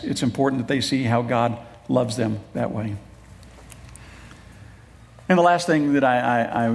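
A man's voice: mid-range voice, vocal fry. A middle-aged man preaching a sermon in a church, conversational, with joking asides and earnest appeals to fathers. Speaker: pastor.

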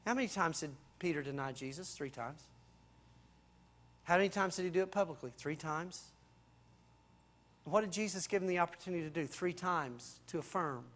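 A man preaching a sermon in a conversational, slangy way, swinging between loud and hushed. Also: high voice, quick pace, hardly any pauses. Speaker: pastor.

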